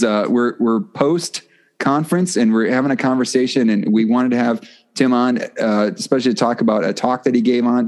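A man's voice: mid-range voice, a little mellow. Upbeat announcer-voiced podcast host, man. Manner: upbeat announcer-style delivery. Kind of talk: podcast interview.

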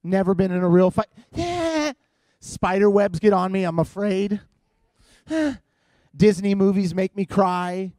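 A middle-aged man tells self-mocking stories from the pulpit, stumbling through restarts as he goes. His voice sits a little high for a man. The sound is close and dry. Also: steady tone, a little mellow, dry recording. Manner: self-deprecating, halting restarts. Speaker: preacher. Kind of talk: comedic sermon storytelling.

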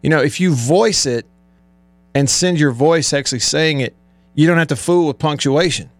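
A man's voice: on the high side, moderate pace, dry recording. A man hosting a country radio show, chatting casually and rambling with a co-host, often laughing. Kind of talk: casual on-air banter. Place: radio studio.

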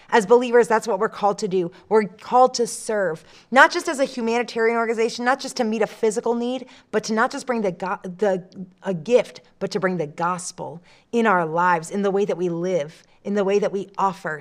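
Earnest woman giving a devotional talk. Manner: earnest, emphatic, with dramatic dips in pitch on key phrases. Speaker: church staff devotional speaker. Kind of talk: podcast devotional teaching.

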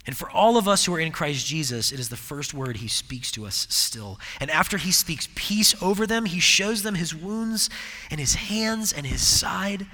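A man with a fairly high, bright and forceful voice delivers a reflective devotional sermon. He often drops into hushed, near-whispered tones for emphasis, and a long reverb trails behind every phrase. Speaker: preacher.

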